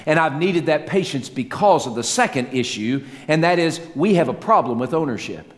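A middle-aged man preaching a sermon, animated, swinging between loud peaks and soft low asides, with self-mocking humor. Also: normal speed. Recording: long hall reverb, faint ambience.

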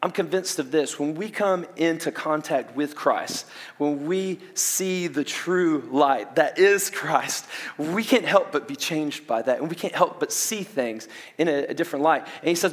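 A young adult man with a Southern US accent, preaching a sermon in an animated way, with quick asides and restarts. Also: on the high side. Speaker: pastor. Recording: long reverb of a large hall.

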